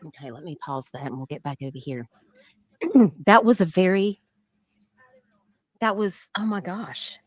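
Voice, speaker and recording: A woman's voice: lowish voice, expressive, measured pace, pauses often, no room sound. Woman, livestream co-host, casual chat, speaks to viewers by name, dry sound. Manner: chatty, addresses viewers by name.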